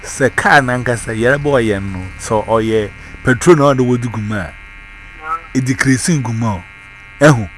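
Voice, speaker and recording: A man's voice: medium pitch, moderate pace, a bit bright, a little hiss or hum. A man, telling a story in casual chat and switching between Twi and English. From Ghana.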